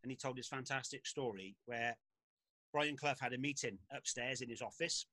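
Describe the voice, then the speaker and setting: A man, a former footballer and podcast guest, telling lively anecdotes with frequent laughs in casual talk. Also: mid-range voice, normal speed, no room sound, rough recording.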